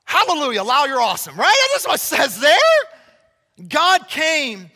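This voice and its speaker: A man preaching a sermon to a congregation, emphatic and conversational, swinging between loud declarations and hushed passages. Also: extremely high pitch, huge pitch swings, a little slow. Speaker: pastor. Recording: long reverb of a large hall.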